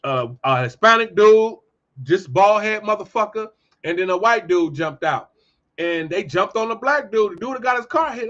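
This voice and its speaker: A man hosting his own show, giving a heated, profane commentary monologue and telling animated stories. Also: sits high, moderate pace, highs cut off. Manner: profane, ranting, animated storytelling. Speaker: podcast host.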